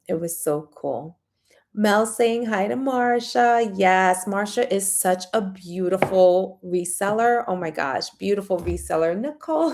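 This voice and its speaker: A woman hosting a casual livestream, chatting warmly and reading viewer comments aloud. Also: medium pitch, creaky. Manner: frequent fillers and restarts. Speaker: livestream host.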